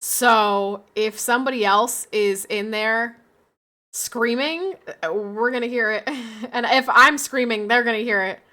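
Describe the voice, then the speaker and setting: A young woman hosting a casual stream, her voice bright and on the higher side. She talks bluntly and crudely, laughing between remarks. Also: a little slow. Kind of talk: casual chat.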